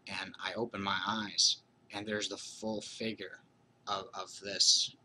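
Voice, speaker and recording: Hoarse man telling a ghost story. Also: lowish voice, little pitch movement, a little slow, bright, forceful tone, a little hiss or hum, poor audio. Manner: rambling, full of "you know" and restarts. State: hoarse from being sick. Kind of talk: casual spooky storytelling.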